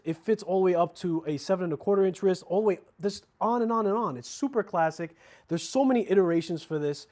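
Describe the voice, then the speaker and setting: High voiced guy rambling on a live stream, slangy and loose. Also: darkish tone. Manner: chatty, slangy, rambling with restarts. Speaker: watch channel host. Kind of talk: casual livestream chat.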